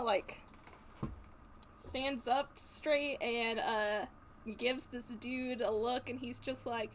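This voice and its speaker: A woman's voice: high-pitched, fairly bright tone, slight background noise. A woman playing a tabletop role-playing game, giggly and full of fillers. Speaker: player.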